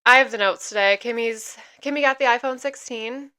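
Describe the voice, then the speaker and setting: Chatty giggly young woman, bright voice. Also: a little high, fairly quick. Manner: giggly, chatty, trails off mid-sentence. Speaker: podcast co-host. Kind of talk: casual chat. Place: indoors, filming on a phone.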